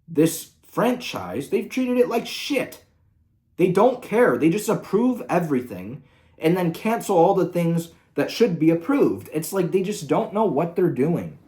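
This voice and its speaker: Exasperated man ranting with lively pitch. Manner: angry, profane, exasperated. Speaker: commentary host. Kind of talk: ranting commentary.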